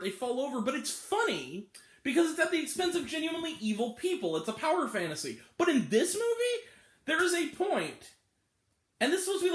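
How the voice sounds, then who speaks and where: Young male reviewer with a high, very expressive voice, venting with exasperation and swearing, in an echoey room. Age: 20s. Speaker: movie reviewer. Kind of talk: casual movie review rant.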